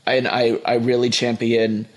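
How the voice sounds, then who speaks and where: A man's voice: mid-range voice, flat delivery, unhurried. A young man in casual chat, giving emphatic opinions in a film review, often restarting his sentences. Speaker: podcast guest.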